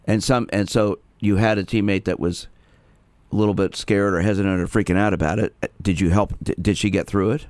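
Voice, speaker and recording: A deep-voiced man hosting a call-in radio program, talking in a bone-dry, close sound. He stumbles into restarts and repeated words as he talks with callers. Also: steady tone, brisk, darkish tone, no room sound. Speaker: radio show host.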